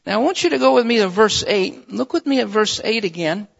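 A man's voice: high-pitched, animated, a little fast, vocal fry, big-room sound, muffled recording. A man preaching a sermon from the pulpit, reading scripture and then building into fervent exhortation. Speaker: pastor. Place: church sanctuary.

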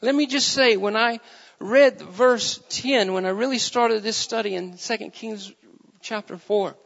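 A man delivers a sermon, moving from scripture reading into earnest, repetitive preaching. His voice sits high and carries a strong gravelly fry. The recording sounds dull and muffled, with a long reverb trailing through a large hall. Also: a little slow, fairly bright tone. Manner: reads scripture in old-fashioned wording, then preaches with rising fervor and repetition.

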